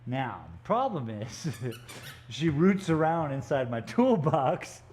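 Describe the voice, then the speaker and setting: A man's voice: on the high side, big pitch swings, slow, a little mellow, slight background noise. A man chatting casually and joking in rambling asides while he paints live in an art gallery studio. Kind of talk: casual live-stream chat.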